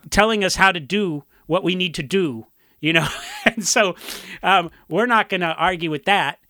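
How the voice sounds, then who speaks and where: A man from Orange County, a punk musician, telling rambling, animated stories in a casual interview and acting out what others said. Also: high voice, moderate pace, dry recording, clean studio sound. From Orange County, California. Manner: rambling, animated storytelling with acted-out quotes.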